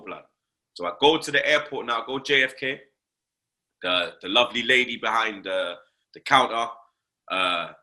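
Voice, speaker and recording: Telling a story in a casual chat, this young London host has a fairly low but very bright, cutting voice. He swears and uses plenty of slang, tagging his sentences with fillers as he goes.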